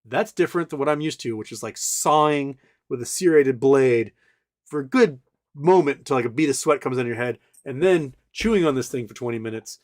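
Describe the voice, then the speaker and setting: A man in his forties hosts a casual livestream, telling a long story in a loose, rambling way. His voice sits at a middle pitch, and he often circles back with fillers and restarts. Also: expressive, normal speed. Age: 40s. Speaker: livestream host.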